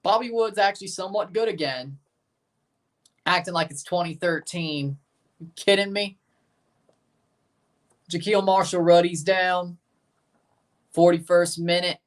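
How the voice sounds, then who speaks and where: A man's voice: high voice, unhurried, pauses often. A man hosting a livestream watchalong, chatting casually, reading viewers' comments aloud and reacting to a soccer match with sarcastic asides.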